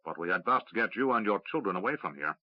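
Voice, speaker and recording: A man voicing a calm, courteous elf archer, quiet and formal, in a dry, slightly dull recording. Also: lowish voice, quick pace, dry recording.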